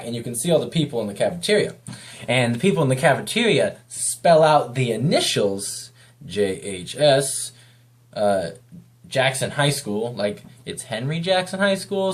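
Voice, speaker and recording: A man talks through a video review in a loose, unscripted way. He wanders from point to point at an ordinary pitch and keeps a relaxed, chatty tone throughout. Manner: rambling, loose and off the cuff. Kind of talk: casual spoken review.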